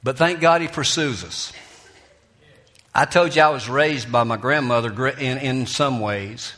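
A pastor preaches in church in a mid-pitched voice, spinning folksy stories from his own life. He drops low and soft for tender moments, then lifts sharply for emphasis, and chuckles along the way. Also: a little slow. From Alabama, US. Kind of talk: sermon.

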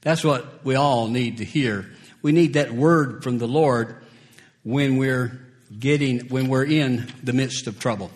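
A man preaching a sermon, slow and deliberate, who chuckles between points and acts out scripture quotes. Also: medium pitch.

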